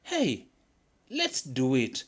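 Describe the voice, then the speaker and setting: A man voicing a gullible, slow-witted male leopard in a told folktale, speaking in a measured, purring way. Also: medium pitch, very animated. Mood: excited.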